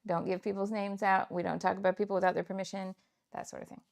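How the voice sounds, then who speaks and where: A woman's voice: medium pitch, flat delivery, quick pace, vocal fry. A woman from Kansas hosting a scrapbooking livestream, chatting casually and laughing often as she works. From Kansas, United States. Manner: chatty, laughs often, muses aloud while working. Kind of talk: casual live chat while crafting.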